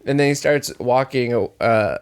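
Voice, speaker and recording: A young man co-hosting a podcast, telling a story in casual chat and acting out the shouting in it. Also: medium pitch, measured pace, clean tone. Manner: animated storytelling, acts out quoted shouting. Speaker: podcast co-host.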